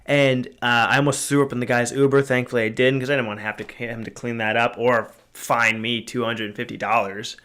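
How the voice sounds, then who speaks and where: A man's voice: mid-range voice, little pitch movement, fairly quick, hardly any pauses, fairly bright tone. A man in his twenties hosting a podcast, telling a story in a casual, rambling way, with frequent swearing, fillers and restarts. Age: 20s. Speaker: podcast host.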